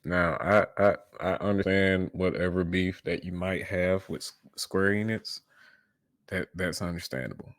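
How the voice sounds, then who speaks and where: A man hosting a reaction video, answering another creator in a casual, measured way and repeating words as he presses his points. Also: sits low, no echo, clean studio sound.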